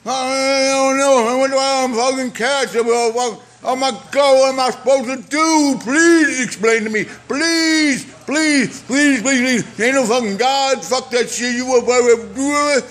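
A man ranting furiously and profanely, screaming and pleading, his voice strained from yelling. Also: very high-pitched, steady tone, normal speed, few pauses. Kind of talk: angry rant.

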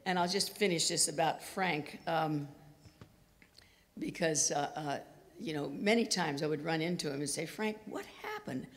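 A woman's voice: deep voice, normal speed. Older woman, chatty storyteller, anecdotal speaking style, long echo of a lecture hall. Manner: chatty, anecdotal, acts out quoted lines. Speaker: guest speaker. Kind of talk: storytelling talk. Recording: reverberant hall.

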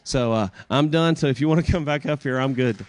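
A man's voice: medium pitch, brisk, heavy background noise. A man guest preacher finishing a sermon at a church service, earnest and asking pointed rhetorical questions.

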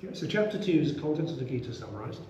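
A middle-aged man teaches a relaxed scripture class, chatty and full of asides. His voice is mellow and mid-pitched. He was recorded on a small action camera in a roomy indoor space with a faint hum behind him. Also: very fast, dull audio. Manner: chatty, many asides and "you know".

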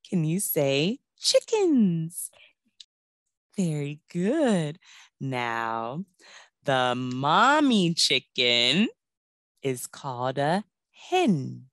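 A woman's voice: low voice, fairly bright tone, dry recording. A woman teaching a preschool class, coaxing the children to repeat words and join in songs.

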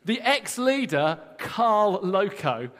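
Man giving a sermon in a church, emphatic and playful, fairly high pitch, echoey hall sound. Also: takes it slowly. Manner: energetic, emphatic, joking with the congregation. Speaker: guest preacher. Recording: long church hall reverb.

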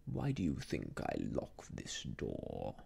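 Whispered role-play: a man as a deep, slow, sinister gentleman, falsely sweet. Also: huge pitch swings, creaky, breathy edge, heavily acted. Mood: menacing. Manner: coaxing, then threatening. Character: smooth, menacing middle-aged male country squire.

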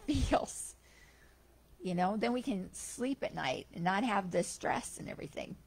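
A woman giving a Sunday spiritual talk, telling stories in a chatty, animated way. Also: lowish voice. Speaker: guest speaker at a spiritual center.

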